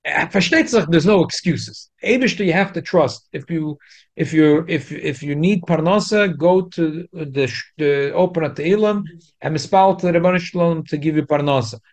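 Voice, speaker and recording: A man teaching a Torah class in an animated way, repeating key points for emphasis. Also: fairly high pitch, moderate pace.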